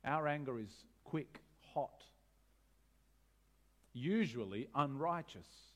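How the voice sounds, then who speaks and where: A man preaching a sermon as pastor, animated, asking rhetorical questions with wry humor. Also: medium pitch, slow.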